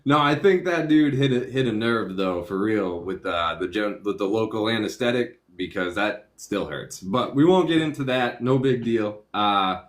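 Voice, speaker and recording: A man's voice: on the low side, lively intonation, normal speed, hardly any pauses. Laid-back man with a Boston accent. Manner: joking, laid-back banter. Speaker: co-host, project executive. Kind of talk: casual live-stream talk.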